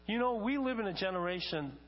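A man's voice: high-pitched, animated, fast. An older man preaching a sermon, telling stories and acting out quotes with rising emphasis. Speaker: pastor. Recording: long reverb, dull lo-fi sound, faint mains hum.

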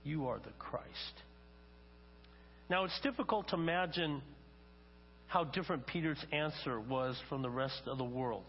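A man's voice: on the high side, normal speed. An older man preaching a sermon, telling stories and acting out quotes with rising emphasis. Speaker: pastor. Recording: long reverb, dull lo-fi sound, faint mains hum.

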